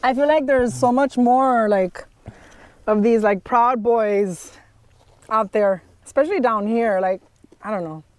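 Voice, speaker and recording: A young woman with a slightly high voice talks in a casual, blunt way and swears freely. She chats outdoors on a trail as a podcast guest. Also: unhurried, no room sound. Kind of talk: casual chat.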